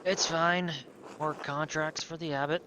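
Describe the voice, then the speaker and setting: A man's voice: fairly high pitch, steady tone, unhurried, background noise, close to an everyday voice. A man voicing a resigned young monk with a put-on foreign lilt, reading game dialogue. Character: young male monk far from home, resigned.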